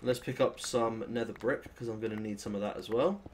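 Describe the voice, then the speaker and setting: A young British man with a British accent, chatting and swearing casually as he plays through a modded game, with sudden excitable outbursts. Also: fairly low pitch, a little fast, slight background noise. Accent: British English. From Britain. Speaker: gaming channel host. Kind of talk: casual Let's Play commentary.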